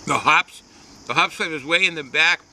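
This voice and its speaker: A man's voice: a little high, a little fast, vocal fry, sharp tone, a little hiss or hum, low-quality recording. A man giving a casual, folksy beer review outdoors, rambling with lots of hesitations.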